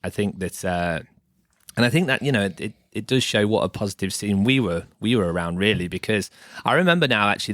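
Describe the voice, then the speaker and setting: Deep-voiced podcast host guy, rambly, lots of ums, dry close sound. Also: a bit bright, dry recording. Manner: rambling, hesitant, many restarts and ums. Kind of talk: casual chat.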